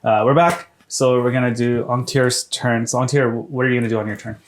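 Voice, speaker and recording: A man runs a tabletop game session, his voice worn and going hoarse. He talks in a halting way, full of restarts and fillers, at an ordinary pitch. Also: fairly even intonation, slight background noise. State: losing his voice, clearing his throat. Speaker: game master.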